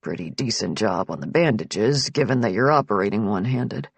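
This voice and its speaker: Woman putting on a calm teasing male doctor, lowered voice, husky, dry studio sound. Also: a little fast, no room sound, full character voice. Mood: wry.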